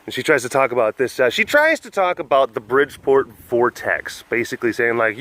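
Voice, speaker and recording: A man's voice: mid-range voice, lively intonation, fairly quick, hardly any pauses, a bit bright. A young man vlogging at a big cat enclosure, rambling through a story and acting out other voices. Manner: chatty, often acts out other voices, laughs a lot.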